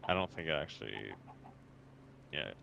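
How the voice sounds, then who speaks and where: A man's voice: extremely low pitch, lively intonation, normal speed, creaky, bright, forceful tone, slight background noise, low-quality recording. A man chatting casually while playing a video game, explaining things patiently and matter-of-factly. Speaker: co-player.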